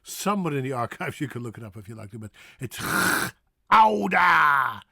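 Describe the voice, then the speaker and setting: A man's voice: mid-range voice, dry recording, studio quality. A Dutch man with a Dutch accent, teaching pronunciation by drawing out and exaggerating his vowels. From Netherlands. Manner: animated, drawn-out exaggerated vowels.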